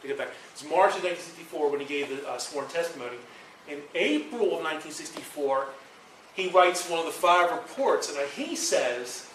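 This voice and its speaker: Fast-talking man lecturing in an echoey hall. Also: on the high side, a little hiss or hum. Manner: rambling, animated storytelling with quoted dialogue. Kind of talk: university presentation. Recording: echoey room from far off.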